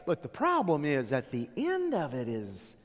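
A man preaching a sermon as pastor, dramatic, swinging from loud declarations to hushed asides. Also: fairly high pitch, huge pitch swings, measured pace, big-room sound.

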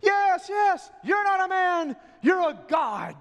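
A man voicing a crowd of fawning townspeople who pour out over-the-top flattery, recorded with a long hall reverb. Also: very high-pitched, slow, shouting, pitched above the performer's own voice, full character voice. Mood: shouting praise.

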